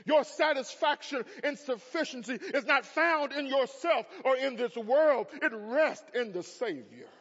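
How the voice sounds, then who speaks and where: A man in his thirties preaches with a very high voice, swinging from hushed tones to loud emphatic peaks. His words ring through a large hall with a long reverb tail. The sound is muffled and lo-fi. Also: lively intonation, unhurried, hardly any pauses. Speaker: pastor. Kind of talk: sermon.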